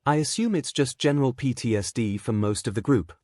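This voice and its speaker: A man voicing a calm teenage boy who speaks in a flat, matter-of-fact way while reading a story. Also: medium pitch, a little fast, no echo, studio quality, natural voice. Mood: deadpan.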